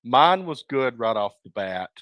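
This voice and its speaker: A man's voice: mid-range voice, very animated, measured pace, a bit bright, dry recording. A man hosting a podcast in casual chat, easygoing and steering the topics. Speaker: podcast host.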